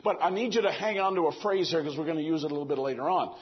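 Animated high-voiced male preacher. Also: rapid-fire, highs cut off, slight background noise. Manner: animated, acts out quoted voices. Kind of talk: sermon.

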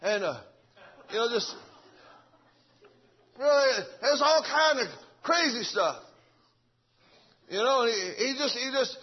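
A fervent preacher, repeating himself as he swings between shouting and hushed speech. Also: extremely high pitch, animated, slow pace, pauses often, breathy edge, highs cut off. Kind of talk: revival sermon.

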